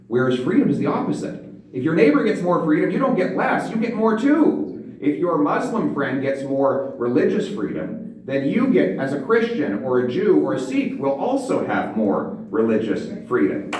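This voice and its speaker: A man giving a campaign speech, rhetorical and emphatic, softening into quiet storytelling. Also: fairly high pitch, big pitch swings, normal speed. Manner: rhetorical, builds to emphatic points then drops to a quiet storytelling tone. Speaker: politician giving a stump speech. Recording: echoey room, distant mic.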